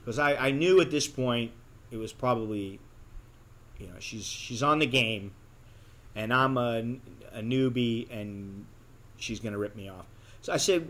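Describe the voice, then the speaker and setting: An American man tells a personal story in a casual vlog. He is blunt and candid, and he acts out the dialogue as he goes. His voice sits at an ordinary middle pitch. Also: lively intonation, moderate pace, a bit bright. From United States. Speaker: expat vlogger.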